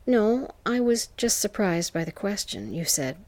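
A woman's voice: mid-range voice, sing-song, unhurried, dark tone. A woman voicing a surprised, nervous young man in a whispered role-play, speaking hesitantly. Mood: startled. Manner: hesitant and startled.

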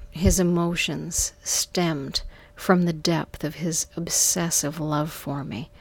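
Woman telling an erotic story in first person, soft whispery breathy voice, stretched-out words, no room sound. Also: sits low, no echo. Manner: soft, half-whispered, drawn-out delivery. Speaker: narrator.

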